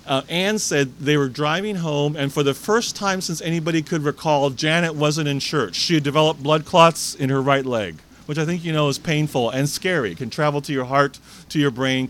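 A male preacher telling a story in a sermon, acting out the people in it. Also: fairly high pitch. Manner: animated storyteller, acts out characters.

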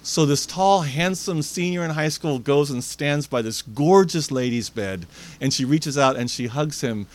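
A man's voice: fairly high pitch, measured pace. A male preacher telling a story in a sermon, acting out the people in it. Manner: animated storyteller, acts out characters.

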